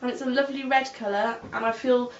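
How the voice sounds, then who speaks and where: A woman's voice: fairly high pitch, fairly even intonation, quick pace, recorded from a distance, slight background noise. A young woman, playfully teasing her friend as they chat about lip products. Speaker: beauty vlogger. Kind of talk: casual chat about makeup favourites. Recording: echoey dull audio, a little off-mic.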